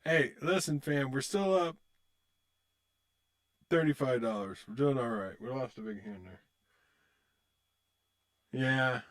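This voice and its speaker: A medium-pitched man talks slowly and pauses often as he streams online poker. His casual commentary swings between muttering and swearing about his hands and upbeat, loose, joking chat with viewers.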